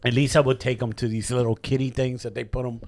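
A man hosting a podcast, telling stories in an animated way and swearing a lot. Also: medium pitch, fast talker. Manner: profane, animated storytelling. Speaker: podcast host. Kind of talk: casual podcast chat.

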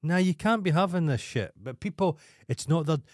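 A man's voice: fairly high pitch, normal speed, dry recording, clean studio sound. Scottish man telling rambling crude stories. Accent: Scottish, Dundee. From Scotland. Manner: rambling storyteller, crude deadpan humour. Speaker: podcast co-host. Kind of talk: casual comedic chat.

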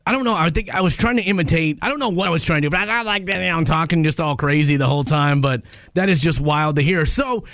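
A man's voice: on the high side, fast talker, fairly bright tone, no echo. A man hosting a radio morning show in a studio, chatting casually and poking fun at himself. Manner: chatty and self-deprecating. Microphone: studio microphone.

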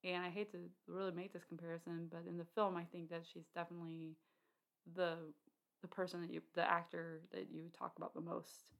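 A woman's voice: fairly low pitch, little pitch movement, brisk, creaky. A woman co-hosting a casual film discussion, chatty, with many fillers and restarts.

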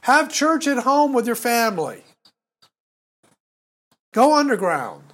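A man's voice: extremely high pitch, sing-song, slow pace, fairly bright tone. A man in his sixties co-hosting a podcast, preaching and exhorting listeners, repeating words when he gets heated. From United States. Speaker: podcast co-host.

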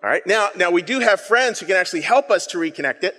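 Playful preacher in a reverberant hall. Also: male voice, high-pitched, fast. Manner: playful, self-deprecating, animated with the congregation. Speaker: pastor. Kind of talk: interactive sermon with audience call-and-response. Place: church sanctuary.

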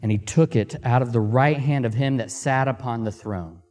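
A man preaching a sermon, reading scripture aloud and pausing to ask the congregation questions, with Amharic as his first language. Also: medium pitch, a little mellow. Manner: slow, deliberate pacing with emphatic pauses. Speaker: missionary preacher.

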